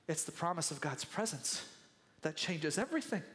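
Male pastor, high-pitched, animated storyteller, preaching in a reverberant hall. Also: moderate pace, breathy edge. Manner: animated storytelling, acting out voices. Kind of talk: sermon.

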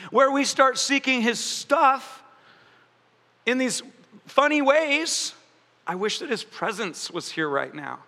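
A male pastor preaches with a strikingly high, bright and forceful voice. He talks playfully and keeps slipping into little acted voices for the people he quotes. Long reverb from a large hall trails behind his words. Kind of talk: sermon.

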